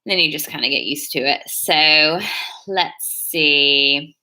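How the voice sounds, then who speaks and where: A woman's voice: low-pitched, slow pace, sharp tone. A young woman chatting casually on a live stream, rambling and hedging as she works on her nails. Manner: rambling, chatty, hedges a lot. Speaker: beauty vlogger on a live stream. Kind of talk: casual chat while doing her nails.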